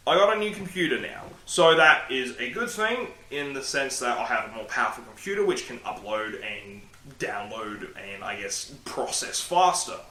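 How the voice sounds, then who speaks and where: Bright-voiced man rambling to a webcam. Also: mid-range voice, animated, moderate pace, roomy sound. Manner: rambling, self-deprecating, swears casually. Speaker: vlogger. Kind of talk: casual solo vlog to webcam. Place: room at home by a window. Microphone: laptop webcam mic.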